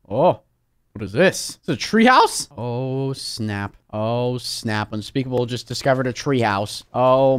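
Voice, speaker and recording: Gamer guy talking through his let's play, voice swoops way up and down, gets loud and shrieky fast. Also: medium pitch, clear, resonant tone. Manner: excitable, bursts into loud shrieks and gasps; narrates his own moves, jokey asides. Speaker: gaming channel host.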